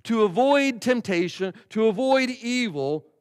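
In a church sanctuary, a male pastor delivers a relaxed, chatty sermon, slowing down to stress words when he recites prayer. His smooth, resonant voice sits slightly high, and a long reverb trails it through the hall.

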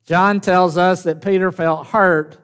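A man's voice: high-pitched, fairly even intonation, slow, a bit bright, clear, resonant tone. A man preaching a sermon with a Southern US drawl, folksy and conversational, asking the congregation questions. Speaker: pastor. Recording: long reverb of a large hall.

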